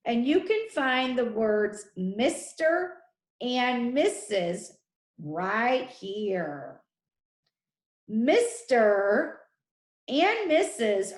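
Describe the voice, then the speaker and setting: Slow, deliberate woman teacher spelling aloud. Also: a little high, reverberant. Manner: slow, deliberate, sounding out letters and syllables. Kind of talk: spelling lesson to children.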